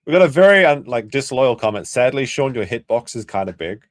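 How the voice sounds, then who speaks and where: A man's voice: medium pitch, sing-song, fairly quick. A man co-hosting a stream, cutting in with sarcastic, teasing remarks. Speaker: co-host. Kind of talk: casual stream banter.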